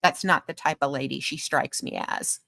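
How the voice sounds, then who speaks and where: A woman's voice: deep voice, fairly even intonation, moderate pace, gravelly, bright, forceful tone, no echo, studio quality. A woman hosting a commentary show, talking in a sarcastic, mocking, lecturing way about a streamer. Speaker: commentary host.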